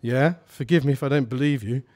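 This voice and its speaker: A man's voice: mid-range voice, fairly quick, a little mellow, lightly acted. A man reading a story aloud, voicing a bitter, defiant man who has lost everything and snaps curtly at strangers. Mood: indignant.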